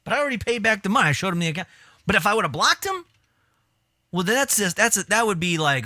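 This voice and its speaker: A man's voice: sits high, very animated, fast talker, sharp tone, dry recording, studio quality. A man streaming a casual reaction commentary, talking bluntly with frequent swearing and mocking asides.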